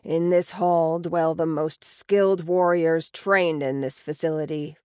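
A woman voicing a stern male orc prison warden who speaks in a direct, measured way. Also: sits low, fairly even intonation, a little mellow, smooth, dry recording, studio quality. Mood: commanding.

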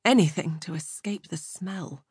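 A woman reading an audiobook aloud in a measured, even storytelling manner. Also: lowish voice, husky, no room sound, studio quality. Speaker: audiobook narrator. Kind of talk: scripted audiobook narration.

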